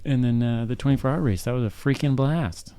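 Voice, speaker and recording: A man's voice: mid-range voice, a little fast, very noisy. A man in casual podcast chat, telling stories with a laugh now and then.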